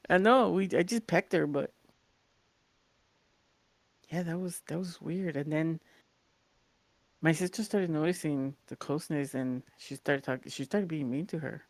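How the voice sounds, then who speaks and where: This podcast co-host has a low voice with no echo. In a relaxed storytelling chat, she gets animated, performs the voices of those she quotes, and curses casually from time to time.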